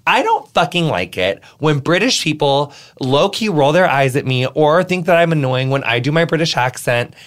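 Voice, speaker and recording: A man hosting a podcast in casual chat, excitable and rambling, swearing freely. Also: a little high, moderate pace, hardly any pauses. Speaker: podcast host.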